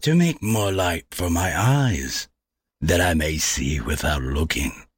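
A man's voice: deep voice, animated, slow, husky, no echo, studio quality, exaggerated voice. A man playing a sly, kindly old soldier who talks in teasing riddles. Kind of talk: amateur play reading.

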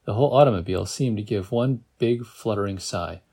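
A man's voice: lowish voice, fairly quick, gravelly, mellow, husky. A man reading a novel aloud in a casual way, with joking asides and small stumbles. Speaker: reader.

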